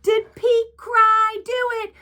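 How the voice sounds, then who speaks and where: Woman teacher, high voice, unhurried, animated storytime reading with questions for kids. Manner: animated, asks children questions. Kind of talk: reading a picture book aloud to children.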